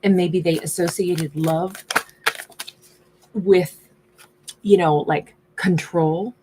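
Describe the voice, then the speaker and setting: A woman's voice: fairly low pitch, steady tone, takes it slowly, noisy background. A woman giving a casual tarot reading, musing aloud in a chatty way and often voicing the subject's thoughts. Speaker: tarot reader.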